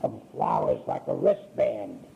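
Gravelly older man telling his life story. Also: fairly low pitch, wildly swooping pitch, narrow, tinny audio, slight background noise. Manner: folksy, unhurried, acts out quoted speech. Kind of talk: rambling personal life story.

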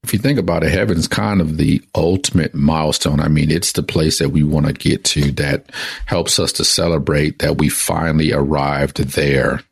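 A man's voice: a bass voice, fairly even intonation, moderate pace, vocal fry, husky, dry recording. A male pastor preaching a conversational sermon that opens with a joke told as a story.

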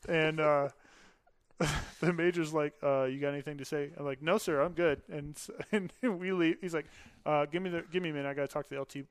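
A man in his thirties tells stories in a relaxed way, acting out the other people's lines and laughing often. His voice sits a little high and sounds smooth and resonant. The recording is close and dry. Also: fairly quick, no echo. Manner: laughs often while telling stories, acts out dialogue. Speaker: podcast guest, Air Force veteran. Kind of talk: casual storytelling.

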